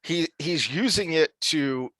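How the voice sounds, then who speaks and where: A man co-hosting a podcast, talking through a TV series review in an animated, rambling way with frequent restarts. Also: fairly high pitch, slow pace, no echo. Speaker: podcast co-host. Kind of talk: casual review discussion.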